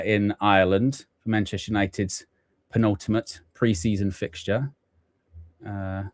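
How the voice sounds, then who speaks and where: A man's voice: fairly low pitch, dry recording. A man hosting a live football fan watchalong, chatting and thinking aloud as he sets up his stream. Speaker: fan channel host.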